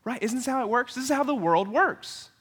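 Animated, high-voiced male pastor preaching. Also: brisk, slightly rough. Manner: animated, playful, acts out little voices. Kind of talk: sermon.

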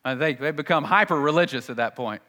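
A male pastor preaches in a conversational way, dropping to near-hushed lines and then building up to loud, excited ones. His voice is bright and forceful and sits a little high for a man. The hall around him adds a long reverb to every phrase. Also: fast talker. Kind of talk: sermon.

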